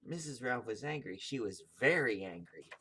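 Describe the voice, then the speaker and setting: Man reading a kids' book aloud; halting, self-correcting. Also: mid-range voice, lively intonation, bright, forceful tone, slightly rough. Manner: stumbles and corrects himself. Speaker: video host reading aloud.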